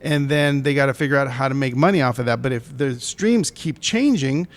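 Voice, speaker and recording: A man with a medium-pitched voice talks fairly quickly as a podcast co-host. He's a film producer explaining the business side in a loose, rambling way, often correcting himself mid-sentence during this casual podcast chat.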